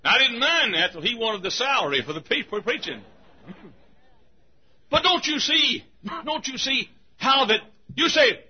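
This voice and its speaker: Man, pastor, preaching a sermon: high husky voice that swoops widely, quick laughs and shouts, dull lo-fi church recording. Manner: lively, laughing often, shouting for emphasis. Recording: dull lo-fi sound.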